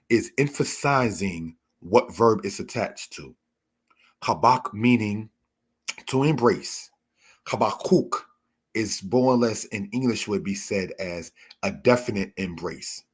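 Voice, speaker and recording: A man teaching a Torah lesson, explaining word meanings in a measured way and addressing his listeners as brothers and sisters. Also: on the low side, slightly rough. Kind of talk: slow spoken Bible lesson.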